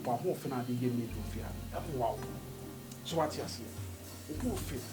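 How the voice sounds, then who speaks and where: A man, acting a loud, boastful houseboy in a comic drama. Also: mid-range voice, moderate pace. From Ghana. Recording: music playing behind.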